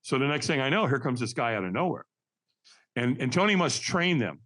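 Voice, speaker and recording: A man's voice: mid-range voice, lively intonation, brisk, fairly bright tone. A man on a podcast telling a story, acting out quotes in shifting voices and calling the host Doc. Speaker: podcast guest, firewalking instructor. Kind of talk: animated storytelling.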